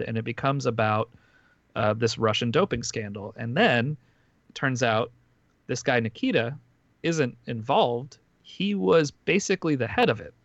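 A man with a medium, slightly bright voice casually recaps a documentary on a podcast, rambling with lots of fillers and frequent restarts. The lo-fi recording has no room sound.

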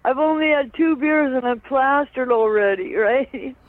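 A man voicing a tipsy, excited young man calling home from abroad, eager and laughing between lines. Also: drawn-out words, heavily acted. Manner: breathless, laughing, high and eager. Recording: tinny phone line.

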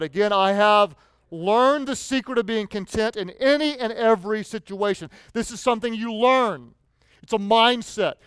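A male pastor preaching an animated sermon, telling stories and prompting the congregation to repeat lines back. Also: sits high, smooth, no echo. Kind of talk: sermon with call-and-response.

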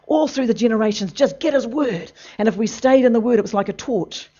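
A preacher delivering a sermon emphatically, moving between loud bursts and low, intense passages. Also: brisk. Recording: dull lo-fi recording.

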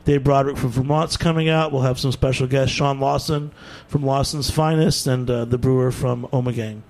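A man's voice: medium pitch, steady tone, a little mellow. A man hosting a beer talk radio show, chatting casually with guests and reading event announcements. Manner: upbeat, laughs easily, quick plug-filled wrap-up. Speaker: radio podcast host.

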